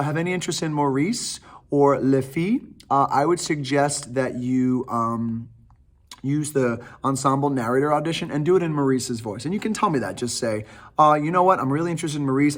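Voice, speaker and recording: A man, a theatre director, giving casual, enthusiastic audition instructions with plenty of fillers. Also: medium pitch.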